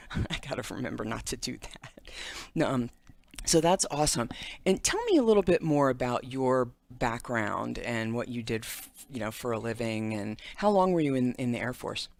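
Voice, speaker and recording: A man hosting a live radio interview, enthusiastic and quick to laugh and cheer. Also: medium pitch, lively intonation, vocal fry. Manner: enthusiastic, loud whoops and laughs. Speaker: radio host.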